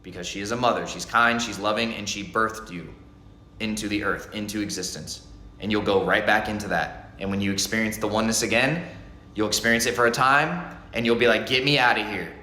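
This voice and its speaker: A man's voice: on the low side, fairly quick, sharp tone, a little hiss or hum. A man giving an intense spiritual monologue, speaking emphatically and repeating phrases. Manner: intense, repetitive, emphatic delivery. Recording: echoey room.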